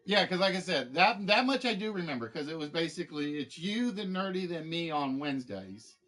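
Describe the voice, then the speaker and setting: Male stream host, casual rambling chat, slightly higher pitch. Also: big pitch swings, a little fast, pushed and bright, soft background music. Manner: rambling, many fillers and restarts. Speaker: game show streamer host.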